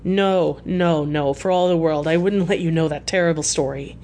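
A man's voice: on the high side, steady tone, normal speed, darkish tone, slight background noise, natural voice. A woman voicing an earnest, embarrassed male doctor who speaks hesitantly and awkwardly. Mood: horrified.

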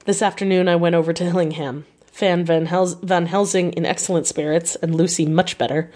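A woman reading a diary novel aloud in a measured, unhurried way. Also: lowish voice, steady tone, warm tone. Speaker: audiobook reader.

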